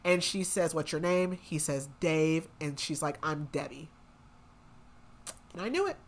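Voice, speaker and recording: In an expressive, unhurried way, a young woman with a somewhat low voice talks through a story for her book podcast. She rambles chattily, says "like" and "um" a lot, and performs the characters' dialogue.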